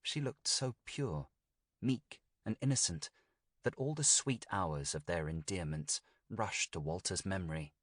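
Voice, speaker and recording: A man narrating a gothic tale as an audiobook reading, in a steady, deliberate storytelling manner. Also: sits low, husky, no echo, clean studio sound.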